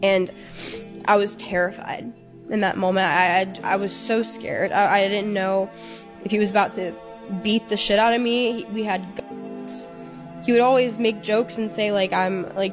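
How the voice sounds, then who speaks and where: A woman giving an emotional, halting personal account in an interview, acting out quoted lines as she tells it. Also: medium pitch, steady tone, over music.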